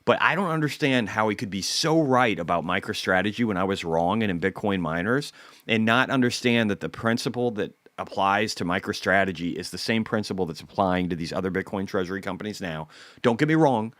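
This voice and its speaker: Low-voiced blunt male host, casual market talk, dry close sound. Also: brisk, dry recording. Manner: blunt, profane, animated.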